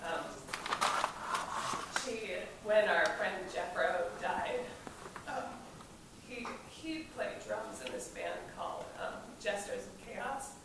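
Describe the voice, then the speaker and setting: A woman telling a casual, lively story at an event, swearing and laughing as she goes. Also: medium pitch, takes it slowly. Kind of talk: casual spoken anecdote. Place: event space during a film screening. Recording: echoey room from far off, noisy.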